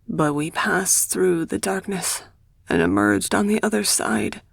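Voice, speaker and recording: A woman voicing a gentle older woman, a former teacher, speaking softly and soothingly. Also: on the low side, big pitch swings, a little slow, creaky, breathy edge, no echo, full character voice. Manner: soft, soothing, hushed. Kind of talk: audiobook character dialogue.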